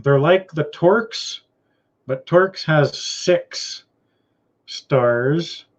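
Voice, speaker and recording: A Canadian man hosts a casual live-stream chat, rambling in a laid-back way, trailing off and restarting sentences. His voice is fairly high and he speaks very slowly. The stream audio is dull and lo-fi.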